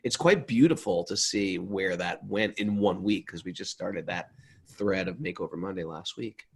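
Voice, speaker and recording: Husky, gravelly man bantering on a podcast. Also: low-pitched, normal speed. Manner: playful, jokey banter. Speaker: podcast co-host. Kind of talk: casual podcast chat.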